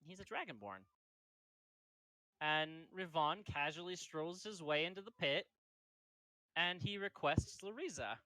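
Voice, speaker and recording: A man's voice: a little high, lively intonation, a little slow, long pauses, bright, forceful tone, no room sound, low-quality recording. A man narrating as game master in a casual, rambling way with many fillers.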